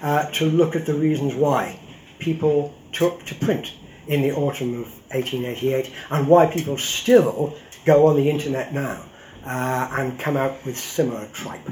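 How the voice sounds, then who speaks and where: A man's voice: medium pitch, a little slow, darkish tone, slight background noise. Wry older man lecturing in a roomy hall. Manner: wry, conversational, sprinkled with ums and asides. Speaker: historian giving a talk. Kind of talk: public lecture to an audience.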